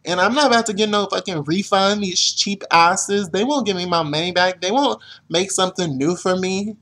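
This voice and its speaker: A man's voice: high-pitched, moderate pace, pushed and bright. A young man venting to camera in an exasperated, profane rant, complaining as a vlogger. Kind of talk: ranting to camera.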